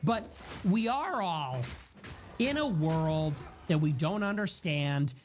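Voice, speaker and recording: A man's voice: a little high, lively intonation, takes it slowly, a little hiss or hum. A man giving a heated political monologue, repeating and stacking words in a building rhythm, with profane outbursts. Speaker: political streamer. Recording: dull lo-fi audio.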